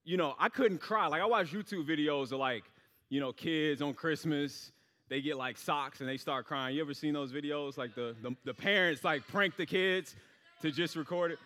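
A young man tells a story in his sermon in a loose, rambling way, full of fillers. His voice sits slightly high for a man. A long hall reverb trails each phrase. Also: moderate pace, sharp tone. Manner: casual, rambling, many fillers.

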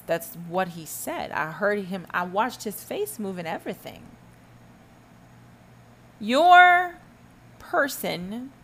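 A woman's voice: mid-range voice, gravelly, fairly bright tone, slight background noise. A woman hosting a solo podcast, ranting emphatically and sarcastically, firing rhetorical questions and humming asides. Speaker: podcast host.

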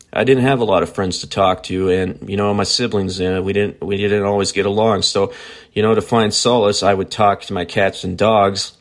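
A man hosts his own podcast in a loose, conversational way. He rambles, restarts and corrects himself mid-sentence. His voice sits on the low side. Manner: rambling, self-correcting, chatty. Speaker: podcast host. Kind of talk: casual chat.

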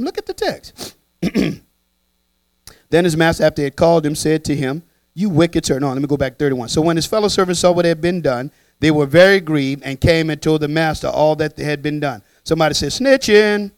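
Animated preacher man with a high voice. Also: fairly quick, dry recording. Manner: animated, playful, talks back and forth with the congregation. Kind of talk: sermon. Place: church.

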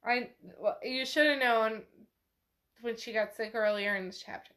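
A woman's voice: a little high, fairly even intonation, normal speed, fairly bright tone. A woman hosting a podcast, retelling a novel in a casual, chatty way, full of "like" and swearing. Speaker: podcast host. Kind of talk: casual book recap chat.

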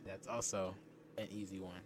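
A young man with a low voice teases his co-host with dry remarks in casual podcast chat. A faint hiss of background noise sits under the recording. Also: little pitch movement, normal speed.

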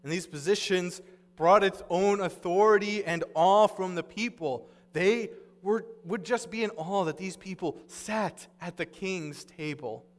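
A man's voice: high voice, measured pace, long reverb tail. A man pastor giving a sermon, earnest and conversational as he retells scripture in everyday words.

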